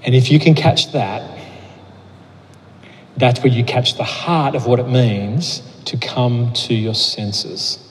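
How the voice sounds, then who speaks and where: A man preaching as a pastor, earnest, often restarting his words, then leading a slow prayer. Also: mid-range voice, steady tone, slight background noise. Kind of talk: sermon. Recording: long hall reverb.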